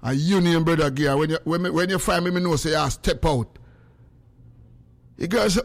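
High-voiced Jamaican man, lively radio banter. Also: normal speed, creaky, pauses often. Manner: patois, animated, bursts into singing and shouting. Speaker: radio host. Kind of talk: casual radio chat.

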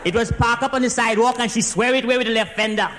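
In an extremely high, rapid-fire voice, a Trinidadian man performs a comic phone monologue as a driving instructor briefing his boss. He tells the story excitedly in dialect, saying "sir" after almost every phrase, with slight noise in the background.

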